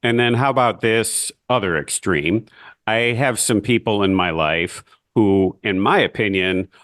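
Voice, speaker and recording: Low-voiced male podcast co-host, curious, asks questions, dry close sound. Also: unhurried, fairly bright tone, no room sound. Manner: curious, poses questions and scenarios. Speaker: podcast co-host, band teacher. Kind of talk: advice podcast discussion.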